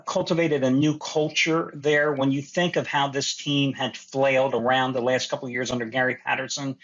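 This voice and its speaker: A middle-aged man giving sports betting picks in casual podcast chat, animated and quick in bursts, with a husky voice. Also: mid-range voice, lo-fi sound. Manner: animated, talks fast in bursts, laughs in disbelief.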